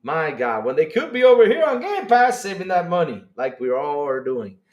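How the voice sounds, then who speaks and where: A man hosting a live stream, reading chat aloud and reacting with excitable disbelief and frequent laughter. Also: a little high, lo-fi sound. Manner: excitable, incredulous, laughing, rapid swings in loudness.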